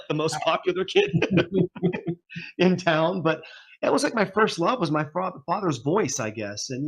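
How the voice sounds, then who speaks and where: A man in his forties, a guest musician telling his story in a rambling, casual interview, laughing often. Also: on the high side.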